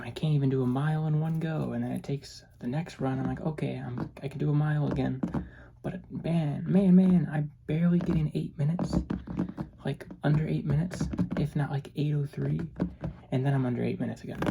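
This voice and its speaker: A young woman rambling in a low monotone, soft-spoken ASMR style, often restarting her sentences. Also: gravelly, heavy background noise. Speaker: ASMR creator.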